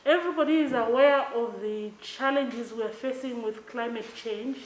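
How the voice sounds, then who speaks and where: A woman's voice: a little high, slight background noise. Woman, formal speech, emphatic, faint background ambience. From Zimbabwe. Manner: measured, emphatic, addresses the mayor formally. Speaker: development bank official giving a speech. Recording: echoey hall with faint ambience.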